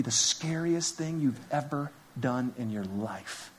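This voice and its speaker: High-voiced pastor preaching with urgent swings. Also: male voice, sing-song, normal speed, hardly any pauses, slight background noise. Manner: conversational preaching, swings from hushed whispers to loud urgent emphasis. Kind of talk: sermon.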